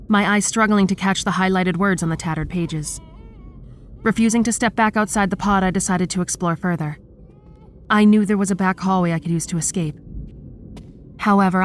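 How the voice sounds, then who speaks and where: Woman narrating horror, somewhat low voice. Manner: steady, measured storytelling. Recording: clear background noise.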